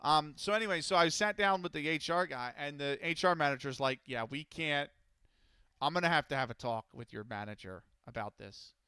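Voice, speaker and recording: A man's voice: fairly high pitch, brisk, sharp tone, clear, resonant tone, no echo. A man, an esports commentator, telling a long story casually on a live stream, rambling and restarting as he quotes others.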